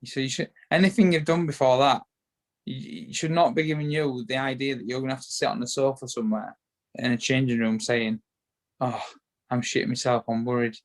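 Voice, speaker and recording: This bare-knuckle boxer, a guest on a relaxed interview, speaks in Yorkshire English with a brisk, steady, medium-pitched voice. He wanders as he talks, often restarting and repeating words.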